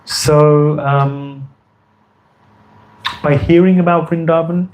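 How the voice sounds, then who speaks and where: A man's voice: on the high side, fairly even intonation, slow pace, muffled recording, a little hiss or hum. A man giving an earnest devotional lecture as a spiritual teacher, often repeating phrases for emphasis.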